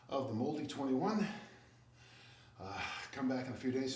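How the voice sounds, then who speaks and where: A man's voice: medium pitch, lively intonation, fairly quick. Older guy out of breath, upbeat sign-off, far off in an echoey room. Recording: echoey room, mic at a distance.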